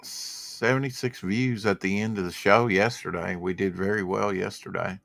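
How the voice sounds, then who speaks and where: A man's voice: sits low, steady tone, normal speed, gravelly, a bit bright, no echo. A man hosting a casual livestream show, rambling about comics and reading viewer comments aloud from home. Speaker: podcast host.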